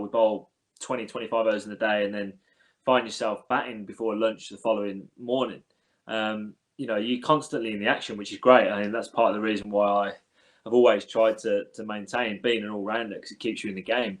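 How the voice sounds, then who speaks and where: Laid-back English cricketer, lower voice. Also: male voice. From England. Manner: relaxed, hesitant with many fillers, calls the host mate. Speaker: cricketer guest. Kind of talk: casual interview chat.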